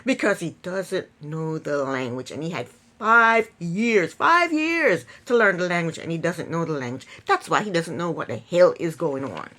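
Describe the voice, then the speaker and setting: A woman's voice: lowish voice, animated, normal speed, hardly any pauses, a bit bright. A woman giving a casual, sarcastic recap of a reality show, laughing often. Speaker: TV recap youtuber.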